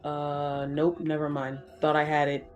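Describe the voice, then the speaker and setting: A co-host of a gaming channel rambles through a casual chat while playing, leaning on fillers and dropping swears without a second thought. The voice sits at an ordinary middle pitch. Soft game music hums in the background. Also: monotone, measured pace.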